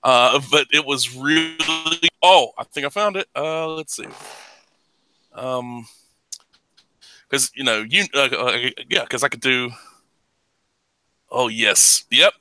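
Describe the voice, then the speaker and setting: A man hosting a casual podcast chat, ranting with heavy profanity and bursting into loud laughs. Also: medium pitch, slow, pauses often, rough recording. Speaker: podcast host.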